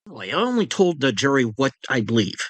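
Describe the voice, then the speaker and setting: A man voicing a steady FBI agent who answers calmly and earnestly. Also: medium pitch, brisk, no room sound. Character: steady male FBI agent, calm, firm.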